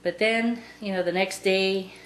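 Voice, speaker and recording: A woman's voice: mid-range voice, steady tone, unhurried. A woman telling a long story about her pet in a casual, rambling way, with lots of "and, uh" fillers. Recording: roomy with faint background noise.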